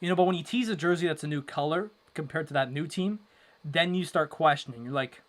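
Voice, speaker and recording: High-voiced young man rambling. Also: fairly quick. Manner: rambling, fills with "like", flares up loud and exasperated. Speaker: livestream watchalong host. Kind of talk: casual live hockey commentary.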